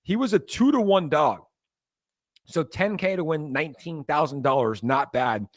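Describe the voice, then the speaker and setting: A young man hosting a crypto livestream, talking to viewers in a loose, animated, ranting way. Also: a little high, a little slow. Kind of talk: casual livestream talk.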